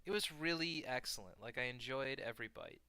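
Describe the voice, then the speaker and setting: A man narrating a strategy match in an easygoing, rambling way, full of jokes and filler words. His voice is very bright and sharp, with a smooth, crisp tone. The sound is close and dry, with no room around it. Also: mid-range voice, a little fast, no echo. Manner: rambling, joking banter with frequent fillers. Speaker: multiplayer strategy game player and co-host. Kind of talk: casual gameplay commentary.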